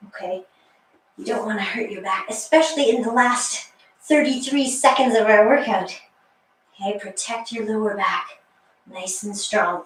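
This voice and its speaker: A woman's voice: fairly high pitch, recorded from a distance. Woman, fitness instructor, encouraging, slightly breathless, roomy echo, faint hiss. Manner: encouraging, counts down, light laughs. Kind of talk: guided workout instruction. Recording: echoey room, voice off-mic, faint hiss.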